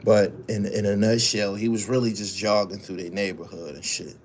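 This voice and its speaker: A man's voice: fairly low pitch, little pitch movement, moderate pace, darkish tone, slight background noise. A man hosting his own show, reading news stories aloud and then giving casual, profane commentary while answering viewers' chat. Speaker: show host.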